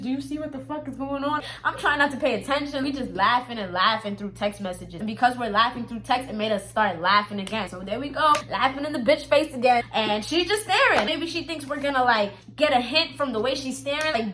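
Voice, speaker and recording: Bright high-voiced young woman telling a story. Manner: animated, profane, talks straight to viewers. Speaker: vlogger. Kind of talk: casual storytime monologue.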